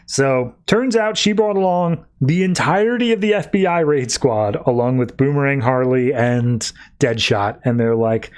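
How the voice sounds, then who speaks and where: A young adult man hosting a podcast, walking through a comic issue in a relaxed, conversational way with plenty of fillers. His pitch sits in the middle range for a man. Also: moderate pace. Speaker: podcast host. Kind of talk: casual comic recap.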